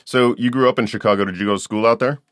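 A man's voice: medium pitch, fairly even intonation, racing, a bit bright, no room sound, studio quality. A man hosting a podcast while getting over a cold, asking easygoing, curious questions. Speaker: podcast host. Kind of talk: casual interview.

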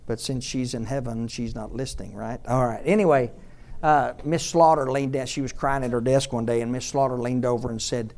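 A man preaching a sermon as pastor, repeating lines for emphasis and swinging from loud shouted peaks to soft storytelling. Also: mid-range voice, fairly even intonation, fairly quick.

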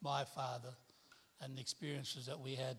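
A man's voice: medium pitch, little pitch movement, normal speed, a little hiss or hum. A middle-aged man, a guest preacher giving a candid personal testimony sermon, laughing at himself as he tells it. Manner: candid storytelling with self-deprecating laughs.

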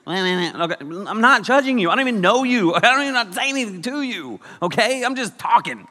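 A man's voice: high-pitched, expressive, brisk, pushed and bright. A young man preaching a comedic sermon as youth pastor, joking and teasing the crowd in a church hall. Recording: long hall reverb.

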